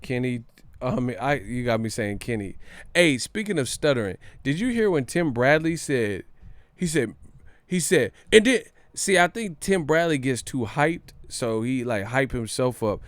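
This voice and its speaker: A man's voice: medium pitch, lively intonation, normal speed, smooth, no room sound. A man hosting a casual commentary vlog on his channel, slangy and joking, laughing often. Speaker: boxing channel host.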